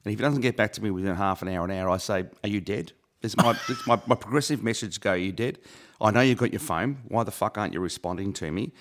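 Blunt middle-aged man, low voice. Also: quick pace, hardly any pauses, fairly bright tone. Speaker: podcast co-host. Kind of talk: casual banter.

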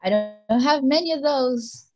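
Woman player voicing a stiff, formal, awkward man, unhurried, tabletop character. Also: high-pitched, muffled recording, soft background music.

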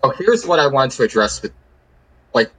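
A man's voice: mid-range voice, big pitch swings, normal speed, a bit bright, breathy edge, rough recording. A man hosting a casual sports podcast, making his point with emphatic, repetitive phrasing. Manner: emphatic, repeats words while building an argument. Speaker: podcast host.

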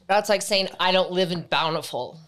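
A woman from Utah co-hosts a laid-back podcast chat, her voice sitting fairly low. She talks bluntly and swears freely as she argues her points. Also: a bit bright, a little hiss or hum. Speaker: podcast co-host.

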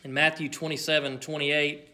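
A man preaching a sermon, earnest and measured, swinging between loud emphasis and near hush. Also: fairly high pitch, level tone, a little hiss or hum.

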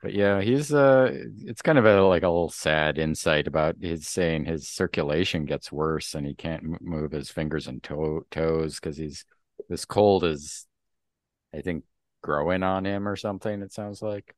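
Very deep-voiced co-host, dry sound. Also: male voice, dry recording. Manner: halting, thoughtful, many fillers. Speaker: podcast co-host. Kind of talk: casual comic book discussion.

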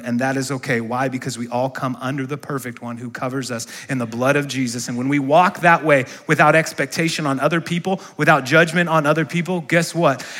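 A man's voice: fairly high pitch, pushed and bright. A male pastor preaching a sermon in a church, asking the congregation questions and calling for responses. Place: church sanctuary.

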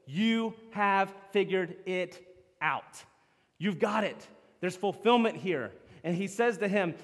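A man preaching a sermon as pastor, animated, acting out the lines he quotes. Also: sits high, a little slow. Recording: long hall reverb.

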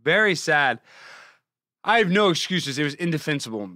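Young texas guy riffing on the news, sarcastic and hyped, kinda high voice. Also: moderate pace, pauses often, dry recording, studio quality. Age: young adult. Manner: sarcastic, mocking, excitable. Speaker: podcast host. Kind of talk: comedic news commentary.

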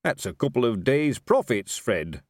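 A man's voice: mid-range voice, very animated, a little slow, no room sound, voice pushed up. Man doing a shrewd street vendor. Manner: careful, knowing. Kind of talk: audiobook character voice.

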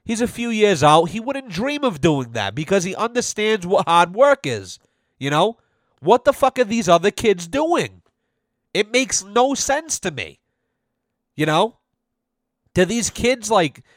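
A young adult man hosting a podcast, ranting in a profane, animated storytelling way. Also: sits high, takes it slowly, dry recording, clean studio sound. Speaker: podcast host. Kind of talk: casual ranting monologue.

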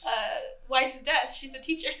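A woman's voice: high-pitched, moderate pace, pushed and bright. A woman co-hosting a casual true-crime podcast, tossing in dry, sarcastic quips. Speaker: podcast co-host.

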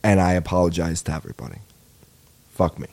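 Talking fast in a low, darkish voice with fairly even intonation, this young podcast host delivers a loose comedy monologue. His stories wander, swear freely and run himself down, and he sounds a little tired.

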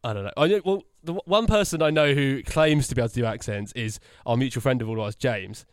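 A man's voice: medium pitch, fast, clear, resonant tone, dry recording, studio quality. A young man with an English accent, co-hosting a casual podcast chat, self-deprecating and laughing often. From England. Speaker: podcast co-host.

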